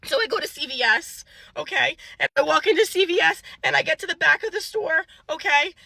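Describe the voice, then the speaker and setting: A woman's voice: high voice, expressive, a little fast, vocal fry, sharp tone, no room sound. A woman in her thirties telling an exasperated story about her day in a casual vlog. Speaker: mom vlogger.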